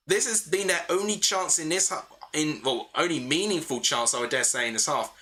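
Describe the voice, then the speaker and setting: Bright-voiced young man hosting a football watchalong. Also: on the high side, animated, normal speed. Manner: chatty, thinking aloud, answering chat between play calls. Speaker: livestream host. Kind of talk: live football watchalong commentary, chatting with viewers.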